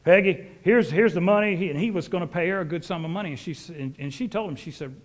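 A man's voice: on the high side, very fast. A middle-aged man, preaching a sermon as a folksy, rambling storyteller.

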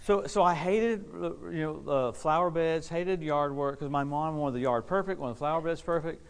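A man preaching a lively sermon to a responding congregation, exuberant, laughing often and repeating key phrases for emphasis. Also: a little high, normal speed, gravelly, smooth. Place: church service with a responding congregation.

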